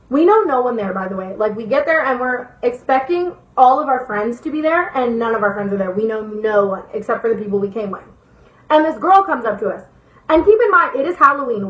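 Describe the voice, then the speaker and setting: A woman's voice: on the high side, a bit bright, roomy sound, highs cut off. A young woman telling a storytime to camera in a rambling, casual way, swearing often and repeating herself for emphasis. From Las Vegas, USA. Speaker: vlogger.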